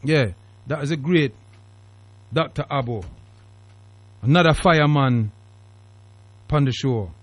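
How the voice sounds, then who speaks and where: On a call-in radio talk show, a man hosts in an emphatic, preachy style, his British accent heavily colored by Jamaican Patois. His voice sits in the mid range, he speaks at a measured pace with frequent pauses, and the studio recording is dry.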